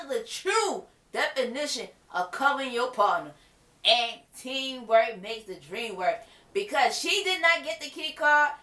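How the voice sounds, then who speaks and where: A woman recapping a TV episode in casual chat, animated and exclaiming, with laughs between her remarks. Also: fairly high pitch, echoey room. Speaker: TV episode reviewer.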